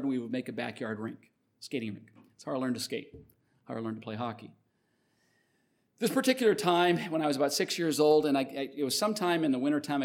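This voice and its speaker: A middle-aged man from Canada preaching a sermon, mid-pitched and easygoing. He talks like he is telling a story to friends, swelling louder on key phrases and dropping low at the ends of them. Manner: conversational storytelling, lively swings in loudness. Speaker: pastor.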